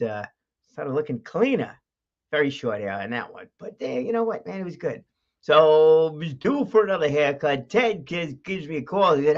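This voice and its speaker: A man hosting a casual livestream, rambling with fillers and laughs. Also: on the high side. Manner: chatty, laughs often, many fillers and restarts. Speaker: host of a livestream show. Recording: dull lo-fi stream audio.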